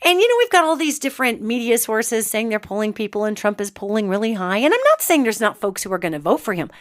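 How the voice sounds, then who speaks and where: A woman's voice: on the high side, animated, fast, no room sound, studio quality. A woman from the United States hosting a show, talking in a chatty, emphatic monologue with sarcastic asides. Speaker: host and psychic. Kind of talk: casual monologue.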